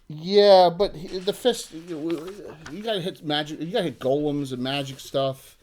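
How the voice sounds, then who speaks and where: A middle-aged man acting as game master, explaining rulings in a relaxed, chatty way. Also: a little high, normal speed, slight background noise. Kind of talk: running a tabletop game.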